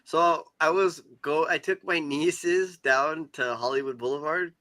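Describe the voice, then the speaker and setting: A man's voice: on the high side, unhurried, pushed and bright, dry recording, poor audio. A man on a casual livestream chat telling stories and laughing as he goes. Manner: storytelling, laughs mid-sentence. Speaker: livestream guest.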